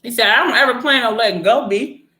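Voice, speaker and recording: A woman casually recapping a story in blunt, animated, slang-heavy chat. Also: on the high side, fast talker. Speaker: vlogger recapping a TV series. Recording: echoey room.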